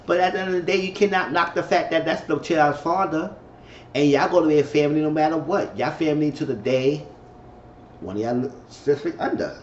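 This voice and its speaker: A man giving a casual, chatty recap of a TV episode, repeating himself as he goes and now and then acting out characters' lines in a high falsetto. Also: brisk. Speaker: TV episode reviewer. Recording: muffled, roomy recording with faint hiss.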